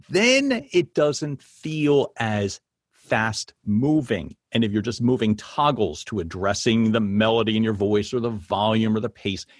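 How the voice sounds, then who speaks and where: A man's voice: lowish voice, slightly rough, dry recording, studio quality. Enthusiastic man hosting an interview. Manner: enthusiastic, rambling, affirming. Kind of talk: conversational interview.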